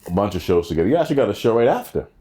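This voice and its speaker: A male comic co-hosting a podcast, with a fairly low voice whose pitch swings around a lot. He talks casually, stumbling over repeated words and restarting sentences. He often chimes in with quick agreement. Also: sing-song, dark tone. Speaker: podcast co-host and stand-up comic. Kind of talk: casual chat.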